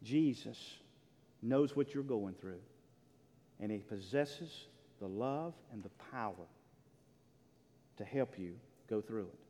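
A pastor preaching a sermon in a church, emphatic, swinging between loud declarations and hushed, near-whispered lines. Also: male voice, lowish voice, expressive, takes it slowly, pauses often. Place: church sanctuary. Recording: long reverb of a large hall.

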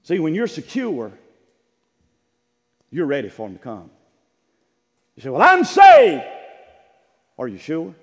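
A man preaching a sermon in an emphatic, repetitive style with bursts of shouting. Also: mid-range voice, very animated, unhurried, pauses often. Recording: church sanctuary with long reverb.

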